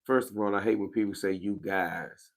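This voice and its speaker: Low, gravelly New man, tired livestream host, laid-back slang to chat. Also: steady tone, normal speed. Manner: laid-back slangy talk, reacting to viewers. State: a little tired. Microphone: wearing a microphone.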